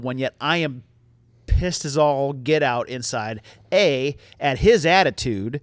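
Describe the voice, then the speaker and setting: Candid middle-aged dad telling a story. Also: male voice, mid-range voice, no room sound. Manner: candid, self-deprecating, quick to swear. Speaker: podcast co-host. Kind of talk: casual storytelling chat.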